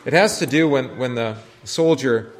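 A man's voice: medium pitch, normal speed, noisy background. A man, a pastor, teaching a Bible study class in a conversational way and asking the group questions. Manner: conversational, asks questions, many restarts.

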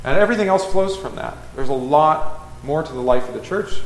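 A man's voice: a little high, lively intonation, brisk, a little hiss or hum. A man leading a Bible study as a pastor, teaching conversationally, asking the group questions and correcting himself as he goes. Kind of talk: casual Bible class teaching.

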